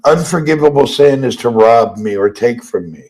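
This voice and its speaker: A man's voice: mid-range voice, lively intonation, moderate pace, darkish tone, rough recording. An American man co-hosting a casual live chat, chatty and joking. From United States. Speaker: co-host.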